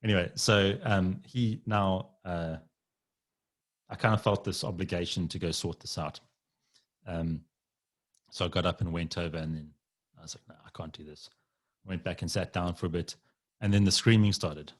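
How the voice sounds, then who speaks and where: A man's voice: low voice, fairly even intonation, moderate pace, pauses often. A man as a podcast guest, telling a long personal story in a rambling, casual way with frequent laughs and swearing.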